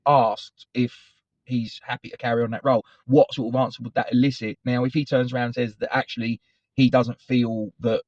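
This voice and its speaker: A man's voice: medium pitch, a little mellow, no room sound. Chatty man rambling on football. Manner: chatty, digressive, self-correcting. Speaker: football fan channel host. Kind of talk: casual rambling commentary to camera. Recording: dry, slightly dull recording.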